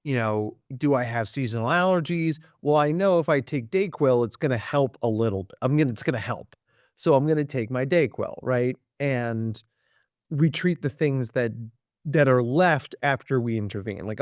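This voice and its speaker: A man, a clinical psychologist, talking in a podcast interview and acting out quoted people with big jumps in pitch. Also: moderate pace, no echo, clean studio sound.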